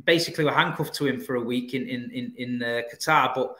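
A man's voice: mid-range voice, quick pace, bright, forceful tone, roomy sound. A man hosting a casual football chat, talking in a laid-back, blokey way. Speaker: football channel host.

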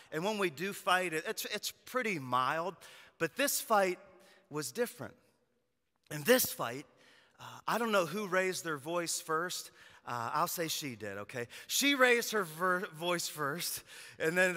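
A male pastor preaching a sermon in a conversational storytelling way, swinging from loud emphasis to quiet, personal moments. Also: fairly high pitch, long reverb tail. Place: church sanctuary.

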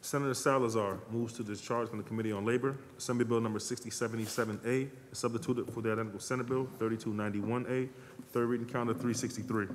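A man reading legislative business aloud in a brisk, monotone clerical manner. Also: medium pitch, a little hiss or hum. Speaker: Senate secretary. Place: large legislative chamber. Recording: reverberant chamber with faint ambience.

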